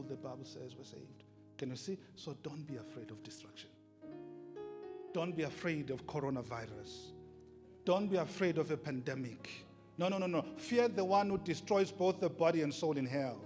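Guy preaching, higher voice, goes soft then shouts, lots of repeating, big echoey hall w/ soft music. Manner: swings from hushed to shouting, repeats phrases. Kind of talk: sermon. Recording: long reverb in a large hall, music behind.

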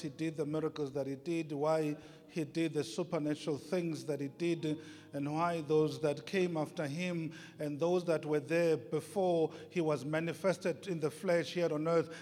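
Man preaching a fiery sermon in an echoing hall. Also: fairly high pitch. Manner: swings from hushed to shouting, repeats phrases. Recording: long reverb in a large hall, music behind.

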